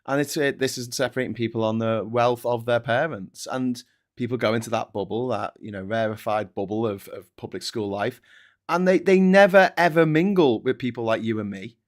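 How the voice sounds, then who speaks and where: A man's voice: mid-range voice, brisk. Ranting Scouse man. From Liverpool, England. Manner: impassioned, ranting, with jokey asides. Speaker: guest. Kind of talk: casual live-stream chat.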